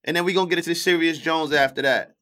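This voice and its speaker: A man with a bright, forceful, fairly high voice co-hosts a casual live stream. He reads the chat aloud, hands out scores, and stays animated and quick to laugh. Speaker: co-host rating tracks.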